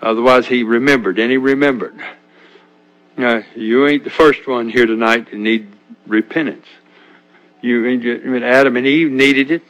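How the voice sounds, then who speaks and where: An older man delivering a homespun sermon in a middle-pitched voice. He speaks in a folksy, halting way, often breaking off and restarting sentences as he reads and reflects on scripture. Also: fairly even intonation, fairly bright tone, poor audio. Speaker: preacher. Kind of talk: informal sermon.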